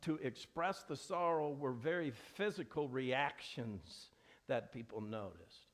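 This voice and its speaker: A man's voice: mid-range voice, lively intonation, takes it slowly, fairly bright tone. A middle-aged man preaching a sermon in a church, earnest and conversational, often restarting his sentences. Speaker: pastor. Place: church sanctuary.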